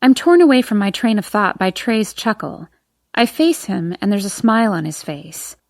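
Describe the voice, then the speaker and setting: A woman narrating a first-person audiobook in an expressive, emotional reading. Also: mid-range voice, moderate pace, no echo, clean studio sound.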